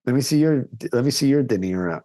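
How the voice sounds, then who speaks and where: A young man co-hosting a comedy podcast, easygoing and quick to laugh. His voice is mid-pitched and he chats loosely, trading stories and jokes. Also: expressive, warm tone, dry recording. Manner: laid-back, laughs often, tells stories. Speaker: podcast co-host. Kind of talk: casual comedic chat.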